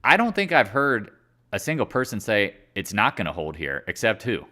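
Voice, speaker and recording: Low-ish voiced guy rambling thru a live market stream, cracking jokes. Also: sing-song, normal speed, bright, forceful tone. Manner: joking, rambling, laughs at own jokes; sings and mimics other traders in silly voices. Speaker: market chat host.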